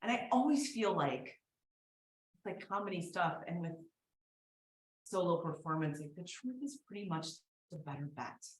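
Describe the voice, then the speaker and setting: A woman performing a profane, confessional comedic story on a theater stage, swinging between loud bursts and hushed asides. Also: fairly low pitch, lively intonation, normal speed, long pauses, roomy sound, a little hiss or hum, rough recording. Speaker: solo performer.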